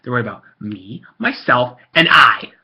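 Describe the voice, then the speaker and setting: A man's voice: medium pitch, big pitch swings, normal speed, sharp tone, breathy edge. A man ranting angrily and bluntly to camera in a vlog, repeating himself and swearing. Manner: angry, blunt, repetitive, swearing. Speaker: card-collecting vlogger.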